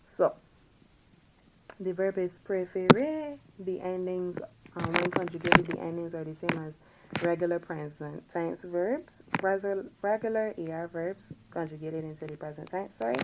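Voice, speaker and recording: A woman teaching a recorded French lesson, drilling words slowly and patiently and correcting herself as she goes. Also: on the low side, vocal fry, heavy background noise.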